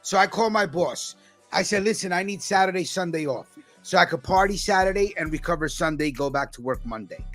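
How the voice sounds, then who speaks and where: Brief: New York podcast host, high bright voice, faint music underneath. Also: male voice, a little fast. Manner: animated storytelling, loud outbursts and laughs. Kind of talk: casual chat.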